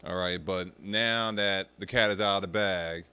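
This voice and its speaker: A young man ranting casually to his viewers, swearing freely and mocking people in an animated way. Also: low-pitched, normal speed, clear, resonant tone. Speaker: streamer talking about arcade rhythm games.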